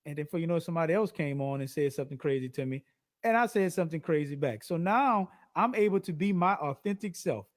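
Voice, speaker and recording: A man guest telling stories in a goofy, dramatic way, deliberately speaking higher than his natural voice. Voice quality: deliberately raised speaking pitch. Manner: animated, goofy, dramatic storytelling. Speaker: guest songwriter and live-stream host. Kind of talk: casual interview chat.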